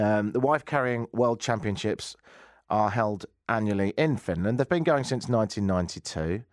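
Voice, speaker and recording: A man's voice: fairly low pitch, normal speed, dry recording, studio quality. A man hosting a radio show, giving casual commentary with wry, rambling jokes and asides. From England. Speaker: radio host.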